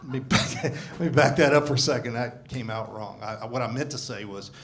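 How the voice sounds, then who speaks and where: On a comedy club stage, a grumpy comedian in his sixties delivers a foul-mouthed set into a handheld mic. His medium-pitched voice is brisk, a bit bright, and fairly even in intonation, with slight background noise and crowd laughter in the live recording.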